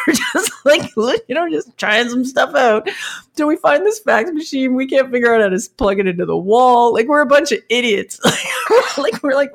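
A woman telling a work story to an interviewer in an animated, anecdotal way, laughing often as she goes. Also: on the high side, brisk. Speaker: marketing leader.

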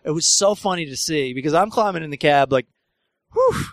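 A comedian hosting a podcast, telling road stories in casual chat, acting out voices, laughing often and swearing freely. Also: male voice, on the high side, animated, a little fast, dry recording. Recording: dry close mic.

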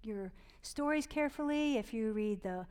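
A woman giving a heartfelt, rambling devotional talk about parenting, sometimes dropping to a hushed whisper on tender points. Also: a little high, animated, normal speed, clean tone, big-room sound. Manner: rambling, many fillers and restarts. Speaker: Christian parenting speaker.

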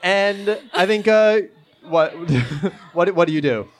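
A man with a fairly high voice that swings up and down a lot narrates a tabletop role-playing game. He jokes around and describes the scenes loosely, with plenty of fillers. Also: lively intonation, takes it slowly. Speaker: player and game master. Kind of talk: improvised tabletop role-play.

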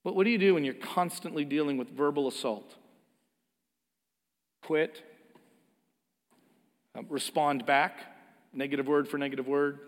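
A man delivering a sermon from the pulpit, his voice sitting a little high for a man. He pushes his points with emphasis and repetition, rising and falling in force. The sound has the long reverb of a large church hall. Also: unhurried, pauses often. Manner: emphatic, swings between soft and loud, repeats words. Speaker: pastor.

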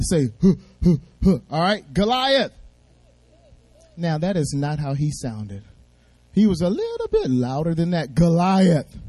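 Guy with a high voice, talks super fast and playful at a church thing, dry close sound. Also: darkish tone, dry recording. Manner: talks fast, playful and upbeat, coaxing audience responses. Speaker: guest speaker. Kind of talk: interactive Bible storytelling to a young audience. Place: church service.

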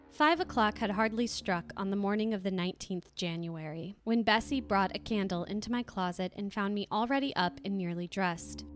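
A woman podcast host reading a classic novel aloud in a steady, even way, with light asides. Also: medium pitch.

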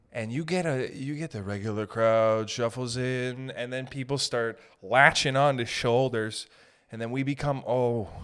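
Rambling, profane male podcast host. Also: medium pitch. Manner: rambling, profane, tangent-hopping. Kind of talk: casual comedic monologue.

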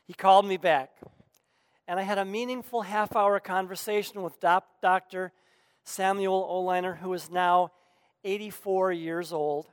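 High-voiced man preaching in a hall. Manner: earnest, emphatic, with deliberate pauses. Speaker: minister. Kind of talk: sermon.

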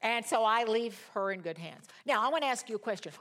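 Woman, 60s, Bible study teacher, a touch high-pitched, chatty and animated storyteller. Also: a little fast, few pauses. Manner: animated storyteller, swings between loud exclamations and quiet asides; chatty, addresses the audience directly.

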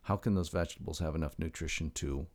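A middle-aged man with a very low, deep voice, speaking as a health expert guest in a relaxed interview. He presses his points with rhetorical questions and slips easily into chatty stories. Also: fast. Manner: emphatic, fond of rhetorical questions; chatty anecdotal storyteller. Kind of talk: conversational podcast interview.

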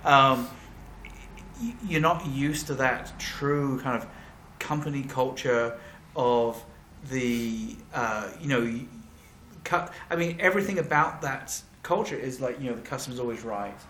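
British guy rambling on a podcast, bright voice, echoey room. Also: medium pitch, a little hiss or hum. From Britain. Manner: rambling, halting, profane. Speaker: podcast co-host. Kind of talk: casual podcast chat.

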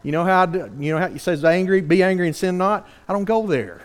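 Man, preacher, high-pitched voice, earnest sermon, animated rhetorical questions. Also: fast talker.

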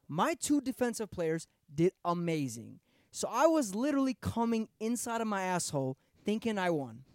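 A man co-hosting a casual podcast, ranting loudly and swearing constantly. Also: high voice, no echo, clean studio sound. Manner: loud, profane, animated ranting. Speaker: podcast co-host. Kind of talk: casual chat.

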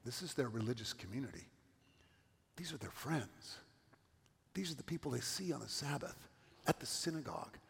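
Middle-aged pastor from california, storytelling sermon, bit husky, echoes around a big hall. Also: male voice, mid-range voice, animated, normal speed, long pauses, fairly bright tone. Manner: storytelling, with asides to the congregation.

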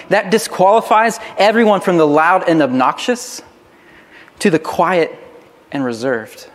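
A man's voice: a little high, big-room sound. A man preaching a sermon as pastor, earnest and often repeating words as he starts a phrase.

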